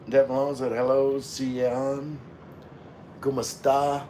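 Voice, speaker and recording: A man reading viewer comments on a casual live stream, rambling and relaxed while drinking with his chat. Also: mid-range voice, measured pace, slight background noise. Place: room with floor-to-ceiling window.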